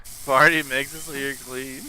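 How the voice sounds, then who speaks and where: A man streaming a game live, excitable and profane, laughing loudly and yelling at his character. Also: medium pitch, measured pace, a little hiss or hum.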